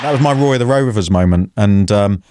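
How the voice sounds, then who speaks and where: Low-voiced man telling a story, dry studio sound. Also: fairly quick, no room sound. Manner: relaxed storyteller, chuckles between lines. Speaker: podcast co-host. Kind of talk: casual chat, anecdote telling. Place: podcast studio.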